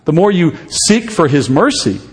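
A man's voice: fairly high pitch, sing-song, moderate pace, long reverb tail. A man preaching an expository sermon, speaking conversationally and putting questions to his listeners. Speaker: pastor.

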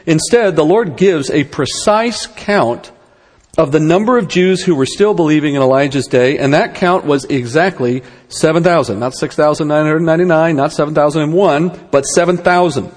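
Man teaching a Bible lesson, higher-pitched. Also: normal speed, big-room sound. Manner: conversational teaching with rhetorical questions and wry asides.

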